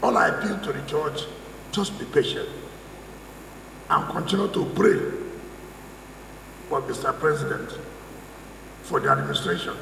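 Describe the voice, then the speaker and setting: A Nigerian man delivers a forceful, mocking speech to a church gathering, firing off repeated rhetorical questions. His voice sits high and swings widely in pitch, with a gravelly edge. He is heard from a distance in a large hall with a long, echoing reverb. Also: lively intonation, unhurried, pauses often, noisy background. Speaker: politician addressing a church thanksgiving. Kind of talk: public speech. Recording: echoey hall, speaker far from mic.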